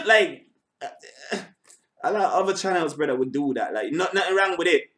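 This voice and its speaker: A man's voice: on the high side, fast talker. A man hosting a reaction channel, speaking in casual, rambling commentary. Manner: animated shout-outs, rambling asides.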